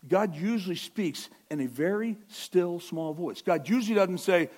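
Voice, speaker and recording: Middle-aged male pastor, high and lively pitch, chatty sermon with self-corrections and sudden loud bursts. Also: normal speed, few pauses. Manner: animated, swings from quiet to near-shouting; self-correcting, conversational with asides.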